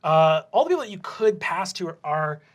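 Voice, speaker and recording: A man's voice: fairly high pitch, sing-song, fairly quick. A young man narrating a tabletop game as game master, casual and full of fillers and swearing.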